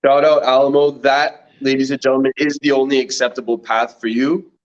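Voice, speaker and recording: A man's voice: mid-range voice, little pitch movement, fairly quick, lo-fi sound. A Canadian man co-hosting a casual podcast, chuckling now and then as he reads a text aloud. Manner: playful, chuckles while reading. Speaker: podcast co-host.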